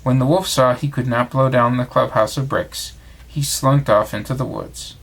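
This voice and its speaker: A man reading a bedtime storybook aloud to his child in an expressive read-aloud voice. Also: medium pitch, normal speed, creaky, slightly rough.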